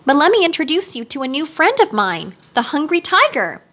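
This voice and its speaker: A woman's voice: high voice, huge pitch swings, a little fast, pushed and bright, voice pushed up, exaggerated voice. A woman voicing a big, timid male lion who speaks meekly in a storybook reading. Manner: meek.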